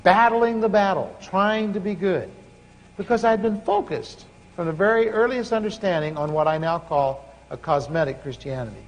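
A man preaching a sermon in a high, light voice, storytelling with lively shifts as he acts out dialogue. His voice rings with a long reverb, as in a big hall. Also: normal speed.

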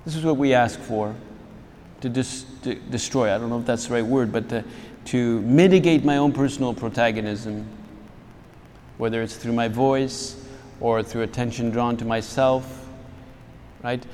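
A man, a priest, gives a reflective spiritual talk to fellow priests in a voice of ordinary middle pitch. He pauses to search for words and restarts his phrases. His voice carries with a long reverb, as in a large hall. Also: a little mellow, a little hiss or hum.

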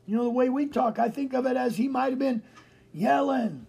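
A man preaching a broadcast sermon as pastor, animated, repeating phrases for emphasis. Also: extremely high pitch, normal speed, gravelly, slightly rough.

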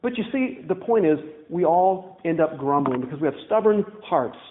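A man's voice: fairly high pitch, expressive, moderate pace, a little hiss or hum. A young man from Louisiana preaching a sermon in a church, telling stories casually with wry asides. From Louisiana, USA. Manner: conversational storytelling, wry asides. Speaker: pastor. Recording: tinny, echoey church recording.

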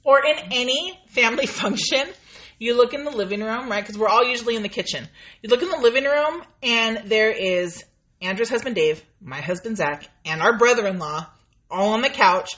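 A woman's voice: a little high, expressive, fairly bright tone, muffled recording. A woman around forty co-hosting a podcast, joking in a playful, irreverent way. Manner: playful and irreverent, quick to joke. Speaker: podcast co-host. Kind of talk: casual chat.

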